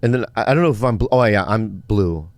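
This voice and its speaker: A man's voice: lowish voice, expressive, fast talker, dry recording. A man in his fifties on a comedy podcast, chatting casually in a rambling, stammering, self-mocking way. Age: 50s. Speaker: podcast co-host.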